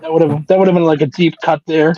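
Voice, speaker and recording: Man, podcast co-host, slightly high voice, self-mocking banter, dull lo-fi audio. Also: fairly even intonation, fast, warm tone, no room sound. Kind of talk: casual chat.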